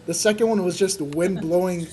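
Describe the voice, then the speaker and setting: A man's voice: high-pitched, moderate pace, mellow, a little hiss or hum. A man streaming a game, telling a rambling, profane story with frequent laughs. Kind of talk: casual gaming chat.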